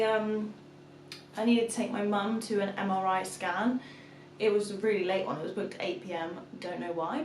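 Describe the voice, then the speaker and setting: Young mum vlogger, casual chatty storyteller, recorded in an echoey room. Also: female voice, mid-range voice, a little hiss or hum. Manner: chatty storyteller, acts out her toddler's shouts. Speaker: vlogger, mother of two. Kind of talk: casual chat to camera. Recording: echoey room, mic at a distance.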